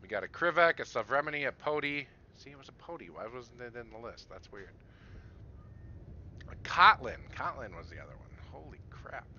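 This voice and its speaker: Bright-voiced man streaming a game. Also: mid-range voice, expressive, quick pace, hardly any pauses, muffled recording. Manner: chuckles often, chats to viewers while playing. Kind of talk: casual live-stream commentary.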